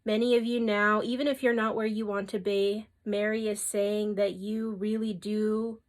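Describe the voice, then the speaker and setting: A woman's voice: mid-range voice, level tone, normal speed. Earnest woman giving a tarot reading. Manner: soft, earnest and emotional, with frequent "okay?" and "like" asides. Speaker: tarot reader.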